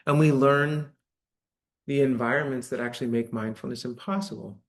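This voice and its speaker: A man's voice: mid-range voice, fairly even intonation, normal speed. A man giving a dharma talk to a live audience in a church hall, speaking conversationally and often checking in with "right?". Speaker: meditation teacher.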